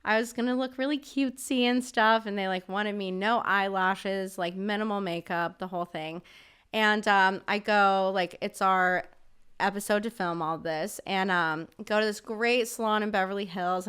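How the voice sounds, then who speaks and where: A woman's voice: mid-range voice, steady tone, moderate pace, a bit bright, clean tone. A woman guest on a podcast telling a story in a casual, chatty way, filling her talk with "like" and swearing freely. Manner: chatty, filler-heavy with frequent "like", swears freely.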